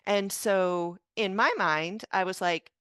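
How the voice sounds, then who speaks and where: Here a woman in her fifties, a physician and parent, is the interview guest, recounting something personal in a slow, heartfelt, emotional way. The sound is echo-free, and her medium-pitched voice comes across clear, resonant, and fairly bright.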